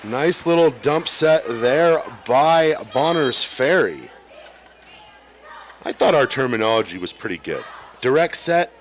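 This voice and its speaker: Man, volleyball play-by-play, chatty, excitable exclamations, mid-pitched. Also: a little slow. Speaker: play-by-play announcer. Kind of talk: live volleyball commentary.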